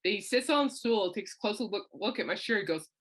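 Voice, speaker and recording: A woman's voice: medium pitch, lively intonation, brisk. A middle-aged woman hosting a podcast, chatting through a personal story, laughing often and acting out what others said. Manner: chatty, laughs often, acts out quoted people. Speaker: podcast host. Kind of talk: casual storytelling monologue.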